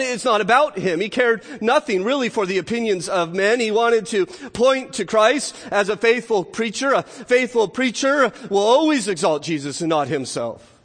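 Man preaching a sermon, fairly high voice, stops and restarts a lot, big echoey church hall. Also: animated, moderate pace, a bit bright. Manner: earnest preaching with frequent restarts and rhetorical asides. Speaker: pastor. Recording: long hall reverb.

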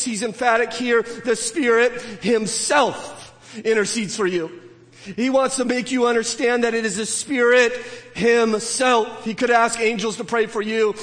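Earnest male pastor with a high voice, preaching in a reverberant church hall. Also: a bit bright. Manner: earnest, pleading, lingers on key words. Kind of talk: sermon.

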